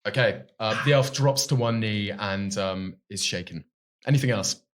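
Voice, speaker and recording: A man's voice: on the low side, moderate pace. A man narrating as game master in a live tabletop game, describing scenes and improvising rulings. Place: game shop with live audience.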